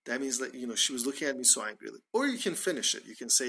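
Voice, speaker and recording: A man with a Canadian accent teaching English idioms, patiently repeating phrases slowly and giving examples. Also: medium pitch, big pitch swings, gravelly, pushed and bright, slightly rough. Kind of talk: spoken English lesson on idioms.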